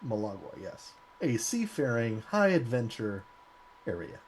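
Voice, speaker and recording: A man's voice: medium pitch, big pitch swings, a little slow, background noise. A man taking part as a player in an online tabletop game, joking around and restarting his sentences. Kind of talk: casual tabletop game chat.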